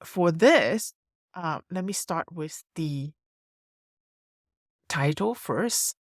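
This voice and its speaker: A woman narrating a screen-recorded design tutorial, thinking aloud in a relaxed way as she works. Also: fairly low pitch, very slow, no room sound, clean studio sound.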